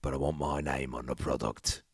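Man putting on a gruff Cockney investor. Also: rumbling low, steady tone, normal speed, dry recording, clean studio sound, pitched below the performer's own voice, exaggerated voice. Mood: swaggering. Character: tough male investor, gruff, wheeler-dealer.

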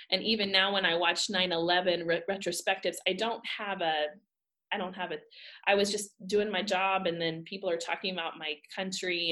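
A woman in her thirties from the United States, telling a personal faith story in a lively, emphatic way with frequent laughter. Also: mid-range voice. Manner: animated, laughing often, emphatic. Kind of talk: casual storytelling.

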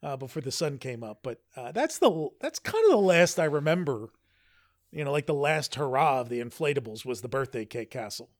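A man's voice: medium pitch, sing-song, brisk, no echo, clean studio sound. A man co-hosting a podcast in casual chat, rambling with frequent restarts. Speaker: podcast co-host.

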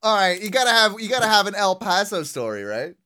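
A man's voice: high-pitched, sing-song, fast, pushed and bright. A man hosting a casual chat, asking eager questions and laughing along. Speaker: host.

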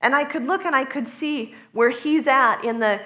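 A woman delivers a sermon in an earnest, conversational tone, her voice sitting a little high. Now and then she slips into other people's voices as she quotes them. The recording sounds slightly dull and lo-fi. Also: animated, moderate pace, few pauses, a bit bright. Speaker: preacher.

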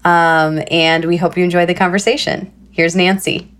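A woman hosting a podcast, introducing a guest and chatting in a relaxed way with fillers. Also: lowish voice, normal speed, smooth. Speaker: podcast host. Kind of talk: conversational interview.

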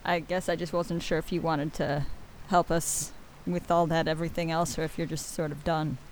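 Hesitant woman player, lower voice. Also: little pitch movement, normal speed, a little hiss or hum. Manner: hesitant, questioning. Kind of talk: tabletop role-play.

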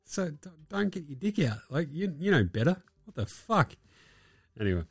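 A man's voice: mid-range voice, sing-song, a little fast, no echo. A man runs through sports commentary in a mid-range voice, foul-mouthed and sarcastic. His voice sits dry and close, with faint music behind it. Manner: profane, sarcastic, with mocking put-on quotes. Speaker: podcast host.

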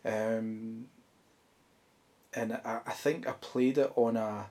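A man's voice: fairly low pitch, fairly even intonation, takes it slowly, warm tone. Scottish man, easygoing studio chat. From Scotland. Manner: thoughtful, rambling with many fillers. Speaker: musician guest. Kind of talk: casual interview chat. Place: home music studio.

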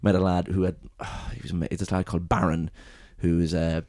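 A young adult Irish man in casual chat, telling a story in a rambling, animated way and swearing freely. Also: deep voice, a little fast, dry recording, studio quality.

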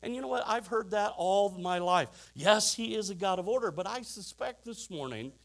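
A man's voice: sits high, animated, normal speed, gravelly. A middle-aged man preaching a sermon, telling stories with chuckling asides and rhetorical questions to the congregation. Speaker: pastor.

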